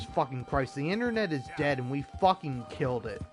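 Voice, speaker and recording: A man's voice: mid-range voice, lively intonation, brisk, faint music behind. A young American man ranting with heavy profanity and stammered restarts while commenting over gameplay. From United States. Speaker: gaming YouTuber.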